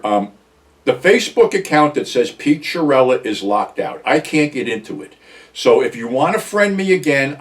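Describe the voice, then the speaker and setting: Blunt swearing New storyteller. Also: male voice, mid-range voice, distant mic. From New Jersey, USA. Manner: rambling, blunt, heavy swearing, rising loud when quoting himself. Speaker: channel host. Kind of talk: profane anecdotal storytelling.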